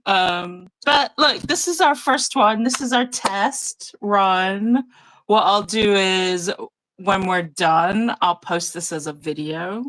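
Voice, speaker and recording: A woman hosting a casual live craft session over a video call, chatty and relaxed, laughing often. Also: mid-range voice, slow pace, no echo, poor audio. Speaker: craft channel host. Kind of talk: casual live-stream chat while journaling. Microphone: phone or tablet mic over a video call.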